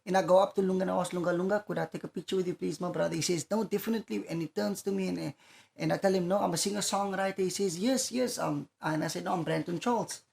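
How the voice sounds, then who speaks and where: A chatty male singer-songwriter who tells stories with lots of energy. He talks at length in a loose, animated way. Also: sits high, racing, gravelly. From South Africa. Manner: animated, talkative storyteller. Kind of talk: casual interview storytelling.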